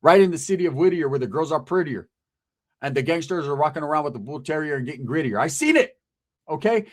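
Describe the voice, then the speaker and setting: A man's voice: on the high side, lively intonation, quick pace. A man speaking, hosting his channel in a blunt, emphatic monologue full of street slang and swearing. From Southern California. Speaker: channel host. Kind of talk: casual monologue to camera.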